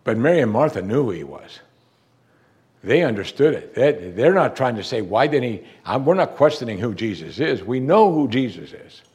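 A man preaching a sermon, reading a passage and explaining it to his congregation. He asks rhetorical questions and drops low and quiet to stress key moments. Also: very animated, normal speed. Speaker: pastor.

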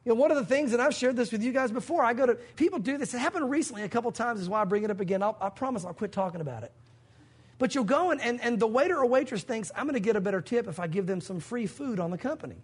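A man's voice: extremely high pitch, lively intonation, rapid-fire, slightly rough. A man preaching a sermon as pastor, telling stories and acting out the voices of the people in them. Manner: storytelling, acting out quoted voices. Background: congregation.

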